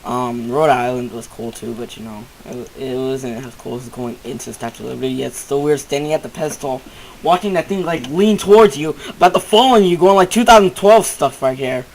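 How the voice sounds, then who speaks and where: A man giving casual let's-play commentary from home, excitable, rambling and easily startled. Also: mid-range voice, brisk, slight background noise, rough recording. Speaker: gamer.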